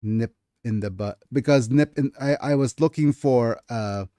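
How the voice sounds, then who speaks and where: A man's voice: medium pitch, unhurried, warm tone, no echo, studio quality. A man hosting a casual livestream about his writing, hesitant and thinking aloud, with many fillers and restarts. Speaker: livestreamer and writer.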